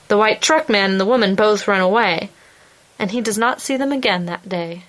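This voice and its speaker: A woman reading a short story aloud in a measured, calm storytelling manner. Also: medium pitch. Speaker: story narrator. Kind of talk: scripted narration.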